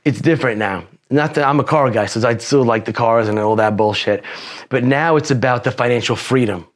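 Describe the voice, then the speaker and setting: A man's voice: mid-range voice, a little fast. A man in his forties, a podcast guest telling personal stories in a rambling, profane way with many restarts. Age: 40s. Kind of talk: casual interview storytelling.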